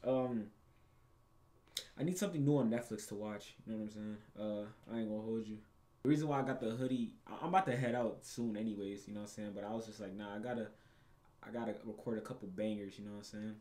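A man hosting his gaming channel, giving casual gameplay commentary full of loud, profane, excitable reactions. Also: lowish voice, fast.

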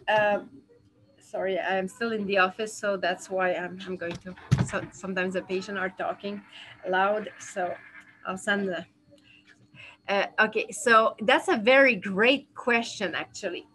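A woman with a French accent teaches dentists in a live webinar. She talks from her office in a halting way and fills her pauses with "uh". Her voice comes through a video call. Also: mid-range voice, steady tone, bright, forceful tone, slight background noise, rough recording. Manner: halting, many fillers and restarts. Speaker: dental educator. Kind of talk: webinar lecture with Q&A. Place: dental office.

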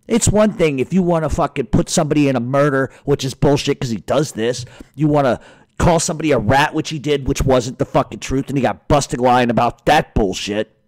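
A man's voice: medium pitch, brisk, a little mellow, dry recording, low-quality recording. A middle-aged man hosting a radio show, ranting in a heated, profane, rambling monologue. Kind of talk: angry monologue rant.

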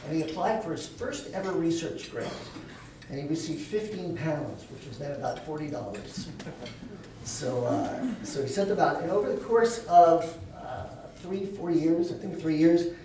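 A man's voice: a little high, lively intonation, normal speed, background noise. A man giving a keynote talk at a dinner event, telling a long anecdotal story with touches of light humor. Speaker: keynote speaker. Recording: echoey hall, voice from far off.

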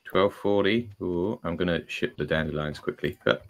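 A man playing a co-op game with his siblings, low-key and mumbling under his breath. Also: normal speed, gravelly. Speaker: co-player. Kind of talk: casual gaming chat.

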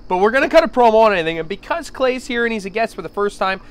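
Excitable host, lively pitch. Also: male voice, very fast, smooth. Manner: excitable, hammy wrestling-promo energy. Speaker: podcast host. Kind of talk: casual podcast banter.

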